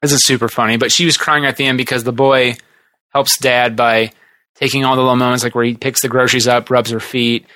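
A man hosting a podcast, chatting casually and retelling TV scenes in a rambling, animated way. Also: medium pitch, fairly quick, dry recording. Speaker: podcast host. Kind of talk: casual chat.

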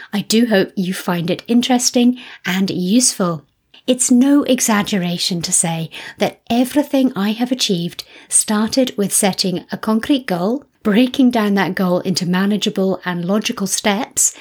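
A middle-aged woman hosting a solo podcast, speaking in a gentle, reassuring way with slightly low energy. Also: breathy edge. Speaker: podcast host.

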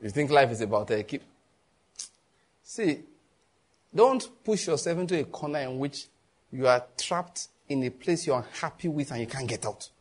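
A man's voice: moderate pace, pauses often. A man with a Nigerian accent preaching a sermon as a pastor, telling stories and acting out the people in them. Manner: animated storytelling, voicing others in a raised pitch.

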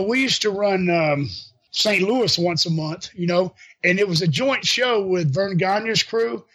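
High-voiced older man spinning wrestling yarns. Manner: animated anecdotes with laughs and voiced quotes. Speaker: retired pro wrestler telling stories. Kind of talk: casual storytelling.

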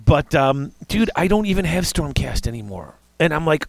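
A man's voice: fairly high pitch, big pitch swings, moderate pace, creaky, no echo. A man hosting a casual hobby chat, rambling with restarts and fillers. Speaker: podcast host.

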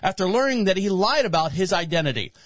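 A man's voice: high voice, lively intonation, quick pace, fairly bright tone, no room sound. A man hosting a show, reading news headlines and rambling jokingly about them in casual commentary. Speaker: show host.

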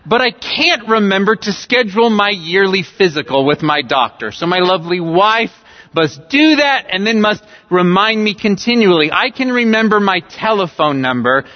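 A man's voice: sits high, expressive, normal speed. A man from California preaching a sermon as pastor, emphatic, repeating key phrases and using humorous everyday illustrations, in a church sanctuary. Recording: dull recording with long hall reverb.

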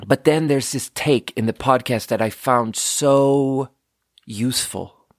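A man's voice: medium pitch, slow pace, no echo, studio quality. A man talking casually on his podcast, rambling and swearing and often restarting his sentences. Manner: profane, digressive, restarts often.

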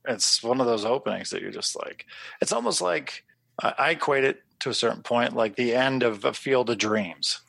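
Man, podcast co-host, gravelly voice, dry sound, animated casual storytelling. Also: mid-range voice, moderate pace, no echo. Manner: animated storyteller, swears, acts out his own reactions. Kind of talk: casual chat.

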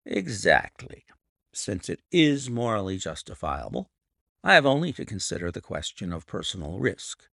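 A man voicing a calm, confident male detective who speaks in a measured, self-assured way. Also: low-pitched, creaky, no echo, studio quality, full character voice. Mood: resolute. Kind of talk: audiobook reading.

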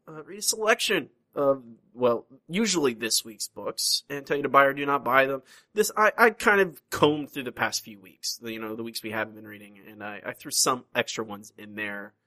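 A man's voice: medium pitch, animated, a little fast, bright, forceful tone. A young adult man hosting a podcast in casual chat, laughing often. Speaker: podcast host.

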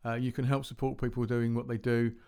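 Man, podcast host, medium pitch, casual rambling chat, self-deprecating, home recording room. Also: level tone, brisk, dark tone, clean tone. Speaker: podcast host playing music tracks.

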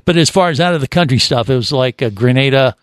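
A man's voice: medium pitch, quick pace, dry recording, clean studio sound. A man hosting a casual podcast chat, rambling with lots of fillers and restarts. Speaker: podcast host.

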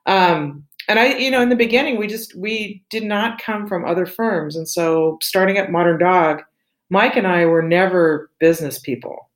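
A woman's voice: fairly low pitch, moderate pace. Chatty woman in an echoey room. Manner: chatty, rambling, with many fillers and restarts. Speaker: design studio co-founder, interview guest. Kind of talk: casual storytelling interview. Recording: roomy echo with faint music.

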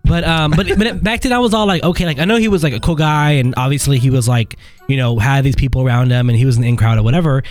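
A man's voice: mid-range voice, fast talker. A man from Texas co-hosting a podcast, telling a story in casual chat and acting out what others said, laughing often. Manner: animated, acts out quoted dialogue, laughs often. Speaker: podcast co-host.

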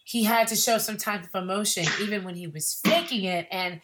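A woman's voice: mid-range voice, brisk, noisy background. An American woman hosting a podcast interview, chatty and playful, laughing often. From United States. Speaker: podcast host. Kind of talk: casual interview chat.

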